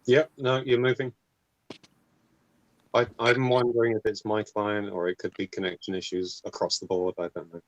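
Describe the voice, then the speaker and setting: A man hosting an online call, talking in a relaxed, thoughtful way with some hesitation. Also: fairly low pitch, moderate pace, muffled recording. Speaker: host of a modular synth stream. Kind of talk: casual technical chat.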